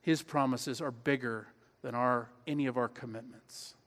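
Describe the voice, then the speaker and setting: A man's voice: mid-range voice, steady tone, moderate pace, fairly bright tone. A pastor preaching a sermon in his church, earnest and emphatic, repeating key phrases. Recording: long hall reverb.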